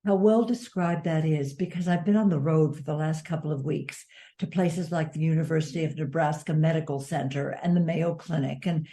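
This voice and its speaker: An older woman author speaking in an interview, earnest and measured. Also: low-pitched, dark tone. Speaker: author and advocate. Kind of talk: interview conversation.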